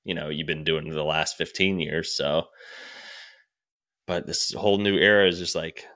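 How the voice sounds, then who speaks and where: A man's voice: extremely low pitch, fairly even intonation, normal speed, pushed and bright. A man, a stand-up comedian, talking in a casual podcast chat, rambling and swearing freely, with frequent restarts and laughs.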